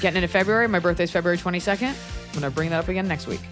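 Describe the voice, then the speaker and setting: A woman's voice: on the low side, racing, over music. A woman hosting a podcast in casual chat, blunt and profane when she rants. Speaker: podcast host.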